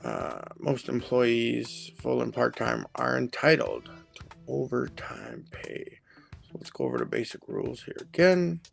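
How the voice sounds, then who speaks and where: Gravelly, slow-talking man explaining HR rules. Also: medium pitch, very animated, soft background music. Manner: rambling, self-correcting, chatty. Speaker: HR consultant host. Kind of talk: casual live-stream explainer.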